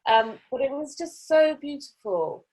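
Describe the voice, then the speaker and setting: A woman, a podcast guest telling a personal story in an animated, expressive and self-mocking way. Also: sits high, unhurried. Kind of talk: conversational storytelling.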